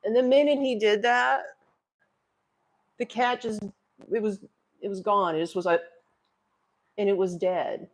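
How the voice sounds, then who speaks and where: A woman's voice: mid-range voice, fairly even intonation, measured pace, long pauses. A middle-aged woman chats casually with her live audience, telling a story in a loose, rambling way. She is openly emotional and speaks directly to the people watching. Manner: rambling, emotional, talks straight to viewers. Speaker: livestream host.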